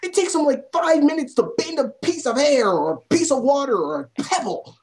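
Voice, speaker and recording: A young woman ranting about a film, exasperated and swearing constantly, her voice climbing to near shouts. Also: high-pitched, expressive, moderate pace. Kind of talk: profane rant.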